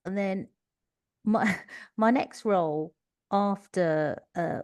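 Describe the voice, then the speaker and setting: A middle-aged woman with a Cockney accent talks through her own stories in an easy, chatty way and laughs often. Her voice sits fairly low, and it is recorded dry and close. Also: darkish tone, dry recording. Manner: chatty storytelling with frequent laughter. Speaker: guest. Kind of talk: conversational interview.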